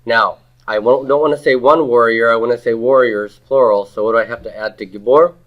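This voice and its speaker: A man with a medium-pitched, steady voice teaches a grammar class at a slightly fast pace, asking students questions, repeating their answers and leading them in saying words aloud. It's a slightly dull lo-fi classroom recording.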